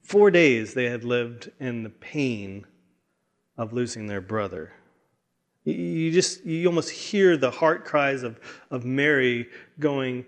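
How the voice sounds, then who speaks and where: A man delivers a sermon in an earnest, heartfelt way. He often trips over his own words and repeats them as he pushes forward, speaking at an average pitch for a man. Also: slow pace. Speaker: pastor.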